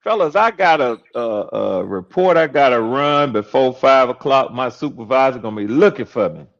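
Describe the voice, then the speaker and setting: A man's voice: medium pitch, lively intonation, moderate pace, gravelly, highs cut off. An older man talking casually on a podcast panel, laid-back and drawling, often saying "yes, sir.". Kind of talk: casual chat.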